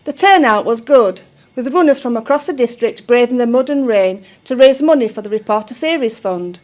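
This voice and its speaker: A woman newsreader for a community TV channel, reading in a careful, even way. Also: fairly high pitch, normal speed. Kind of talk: news reading.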